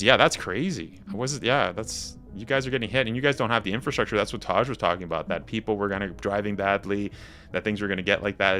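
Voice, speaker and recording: Chatty young male streamer, bright voice. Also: lowish voice. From Canada. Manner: chatty, reads chat aloud, slangy and rambling. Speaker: game streamer. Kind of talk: casual live-stream chat.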